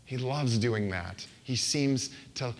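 A man's voice: mid-range voice, takes it slowly. A male pastor gives a sermon into a handheld microphone. His delivery is casual and talky, and he slips into quoted voices to make his points. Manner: conversational and playful, acts out quoted voices.

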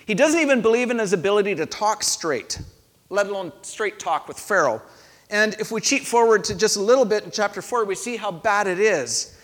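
A man's voice: high-pitched, expressive, brisk, a bit bright. A male pastor giving a sermon in a conversational storytelling manner, asking his listeners questions. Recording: long hall reverb.

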